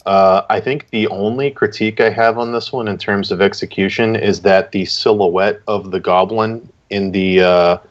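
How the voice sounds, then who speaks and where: A man's voice: on the low side, steady tone, moderate pace, hardly any pauses, lo-fi sound. A man as a guest judge giving casual art critiques on a live stream, piling on emphatic praise with repeated "really, really.".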